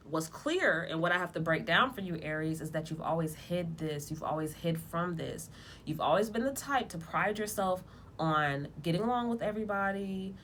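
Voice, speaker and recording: A woman giving a casual tarot reading, talking bluntly in lively slang with plenty of profanity. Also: medium pitch, a little hiss or hum. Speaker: tarot reader.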